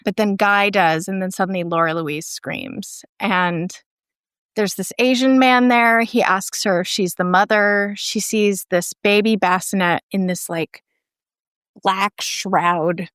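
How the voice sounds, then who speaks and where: A woman's voice: lowish voice, fairly bright tone, no echo, studio quality. A woman filmmaker, a podcast guest, retelling a film plot in casual chat and filling it with "like".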